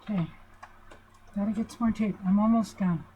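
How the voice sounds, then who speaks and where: Chatting casually at a whiteboard, an older family relationship teacher reassures her audience by asking them questions. Her warm voice is medium in pitch, delivered at normal speed. The audio sounds dull and carries a faint hiss or hum.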